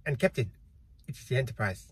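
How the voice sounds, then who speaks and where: Brief: a man doing a stiff, formal starship officer with a thick put-on Russian accent, husky. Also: mid-range voice, very animated, fast talker, voice pushed down. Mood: earnest.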